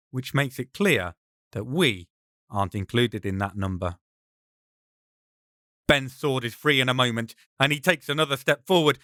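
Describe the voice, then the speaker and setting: A man's voice: medium pitch, pushed and bright, no room sound, studio quality. Man narrating a tense audiobook. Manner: dramatic, tense storytelling. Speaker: author narrating his own audiobook. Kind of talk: first-person audiobook narration.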